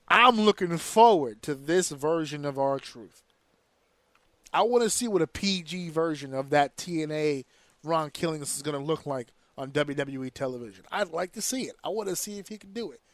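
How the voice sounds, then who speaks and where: A man's voice: a little high, a bit bright, dry recording. A man hosting a podcast, giving casual wrestling commentary as a heated, profane rant full of slang. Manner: slips into slang and mimicked voices. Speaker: podcast host.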